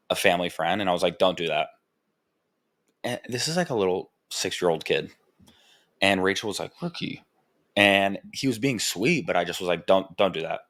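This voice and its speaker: A young man with a low voice talks candidly into a podcast mic. He rambles, swears freely and leans on filler words as he works through his thoughts. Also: a bit bright. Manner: rambling, frank and profane, full of "like" fillers. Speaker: podcast host. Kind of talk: candid personal podcast monologue.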